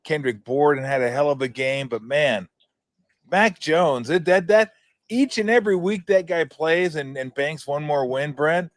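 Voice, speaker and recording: A male sports radio host in casual chat, telling stories in an animated way and laughing often. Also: on the high side, a little slow, no room sound.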